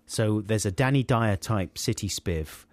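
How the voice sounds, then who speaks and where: A man telling a funny story as a podcast host, animated and playing out characters. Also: fairly low pitch, a little slow, no echo. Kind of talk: comic storytelling.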